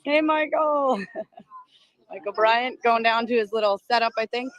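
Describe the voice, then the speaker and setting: A middle-aged woman with a Boston accent chats on a livestream, her voice sitting high and sounding dry and close. She is emotional and giggly, warmly greeting viewers by name as she films outdoors on a phone held on a selfie stick. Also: unhurried, no echo, dull audio. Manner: chatty, emotional, laughs often, greets viewers. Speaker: livestream host. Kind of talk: casual live commentary. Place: outdoors among a crowd.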